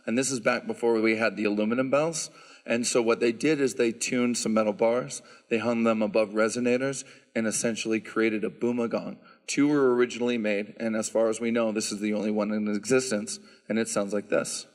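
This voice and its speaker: A man's voice: lowish voice, a little fast. Man talking in a reverberant church. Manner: explanatory, relaxed, lots of "um" fillers. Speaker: bell choir director. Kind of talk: Q&A with concert audience. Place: church sanctuary.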